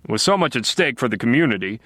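A man's voice: mid-range voice, sing-song, quick pace, pushed and bright, no room sound. A male audiobook narrator voicing a commanding middle-aged police captain who talks in a curt, barking way. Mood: stern.

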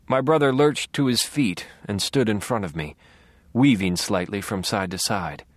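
Low-voiced man narrating darkly. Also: dry recording. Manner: low, brooding, measured. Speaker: audiobook narrator. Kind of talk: first-person audiobook narration.

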